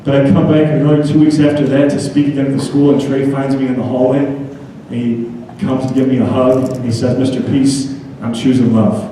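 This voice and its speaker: American guy doing a school assembly talk, very dark mellow voice, big echoey gym, kinda far from the mic. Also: mid-range voice, fairly quick, hardly any pauses, a little hiss or hum. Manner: earnest storytelling, animated. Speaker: motivational speaker. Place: school gym or hall, indoors.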